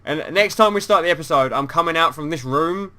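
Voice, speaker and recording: British male host for a casual game video; bright, slightly high voice, jokey and talkative. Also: fairly quick. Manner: chatty, laughs often, jokey. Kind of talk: casual gaming chat.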